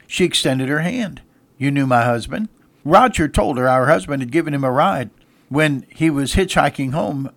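A man's voice: on the high side, vocal fry. A man preaching a sermon, telling a story and then repeating a rising refrain to his listeners.

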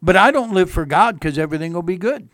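A male pastor giving a radio sermon in a folksy, earnest way, leaning on repeated phrases. His voice sits a little high for a man, and the close-miked sound is dry, with no room around it. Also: lively intonation, fast talker, a bit bright, no room sound.

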